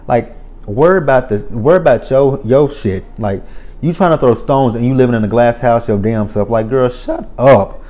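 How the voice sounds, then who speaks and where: Mellow-voiced man ranting in a recap. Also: mid-range voice. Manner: blunt, profane, exasperated ranting. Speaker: TV show recapper. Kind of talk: casual recap commentary.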